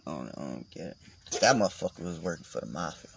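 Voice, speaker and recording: A man's voice: rumbling low, lively intonation, quick pace, gravelly, noisy background. A man vlogging in a casual, meandering monologue, swearing and joking as he goes.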